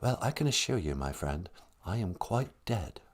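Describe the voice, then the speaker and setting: A man putting on a dead male English rock star's ghost with an English accent, speaking in a soft, formal, courtly way. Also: low-pitched, very animated, moderate pace, pitched below the performer's own voice.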